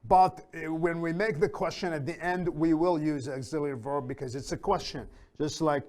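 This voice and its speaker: A man teaching an English grammar lesson, reading example sentences slowly and repeating them for learners, with fillers and small self-corrections. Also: a little high, steady tone, darkish tone. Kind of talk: slow, deliberate lesson explanation.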